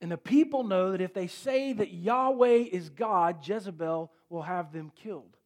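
A man preaching a sermon, telling the story with animated swings between loud and quiet. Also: sits high, normal speed. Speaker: pastor.

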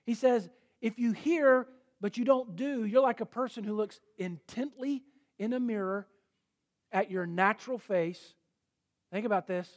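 A middle-aged male pastor preaching a sermon in an earnest, emphatic way, rising to forceful peaks. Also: high voice, measured pace.

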